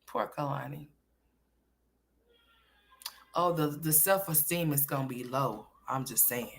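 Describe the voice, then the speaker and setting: A woman's voice: deep voice, unhurried, vocal fry. A woman hosting casual reaction commentary, blunt, sassy and profane as she talks back at a clip. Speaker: commentary host.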